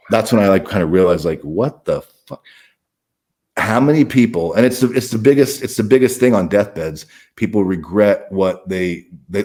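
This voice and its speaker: A man's voice: low-pitched, a little mellow. A middle-aged man, a podcast guest, talking candidly in a blunt, profane way with frequent restarts. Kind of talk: candid conversational storytelling.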